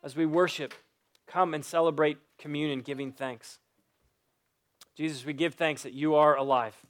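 A pastor with a fairly high voice, a man who preaches with earnest, pleading insistence. He drives his points home by repeating phrases, and his sermon moves into prayer. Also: fairly even intonation, normal speed. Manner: earnest, pleading, repetitive emphasis.

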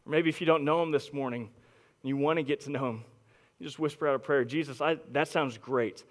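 A young male pastor with a high-pitched voice delivers a sermon. He is emphatic and restarts his phrases, moving between hushed, close passages and ringing, forceful declarations. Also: fairly even intonation, quick pace. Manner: emphatic, repeats words, swings from quiet to loud.

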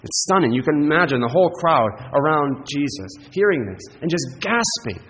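A man's voice: fairly high pitch, sing-song, normal speed, fairly bright tone, long reverb tail, slight background noise, rough recording. A man preaching a sermon as pastor, earnest and emphatic, often checking in with the congregation with a rhetorical "right?".

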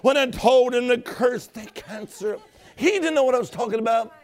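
Male preacher, very high pitch, emphatic sermon storytelling with call-and-response. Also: normal speed.

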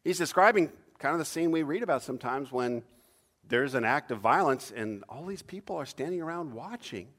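A man preaching a sermon in an animated way, acting out cries with sudden loud, high bursts. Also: brisk. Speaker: pastor.

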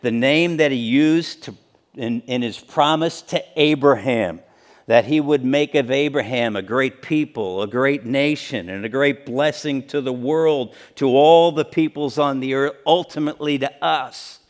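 A man's voice: mid-range voice, a little slow. A man preaching a sermon, earnest and emphatic, repeating key phrases and restarting his sentences as he teaches. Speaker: pastor.

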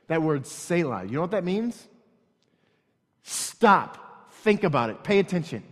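A man's voice: on the high side, sing-song, unhurried. A man preaching a sermon as pastor, emphatic, repeating lines for stress. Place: church hall. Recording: long reverb in a church hall.

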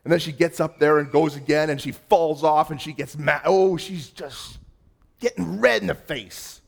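A man preaching a sermon as pastor, moving between loud emphasis and hushed, quiet passages and acting out quoted voices. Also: fairly high pitch, normal speed, creaky.

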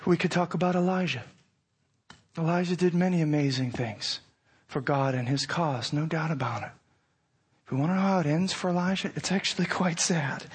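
Male preacher with a high voice, impassioned, moving from hushed to near-shouting. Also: normal speed, husky. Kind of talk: sermon.

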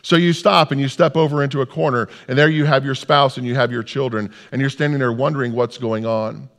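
A male preacher telling a story in a sermon, swinging from loud outbursts to hushed tones. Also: mid-range voice, fairly even intonation, a little fast. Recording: long hall reverb.

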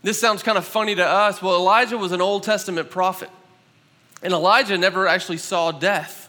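A man preaching a sermon as pastor, talking conversationally with an animated delivery. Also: high-pitched, a little fast, in a large hall.

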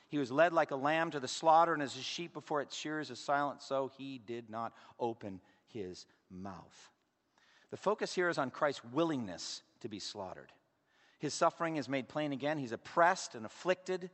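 A man preaching a sermon with emphatic rhetorical questions, swinging from loud declarations down to hushed asides. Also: medium pitch. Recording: long hall reverb.

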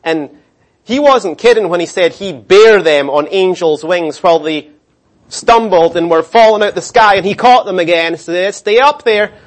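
A middle-aged man preaching a sermon, animated, acting out the voices of the people in his story. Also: high voice, moderate pace. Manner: animated, acts out voices of complainers and God. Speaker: pastor.

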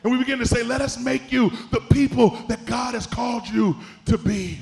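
A man's voice: extremely high pitch, moderate pace, creaky, darkish tone, soft background music. A middle-aged man preaching a sermon in a church, building to chanted, emphatic peaks. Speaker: pastor.

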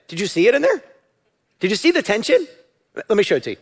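A man preaching a sermon as pastor, animated and at times shouting. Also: high voice, fast, pauses often.

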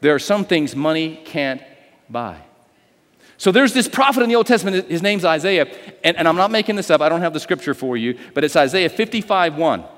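Pastor preaching with big swells. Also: male voice, sits high, lively intonation, quick pace, long reverb tail. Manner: dynamic preaching with call-and-response, sudden loud swells. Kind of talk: sermon. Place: church sanctuary.

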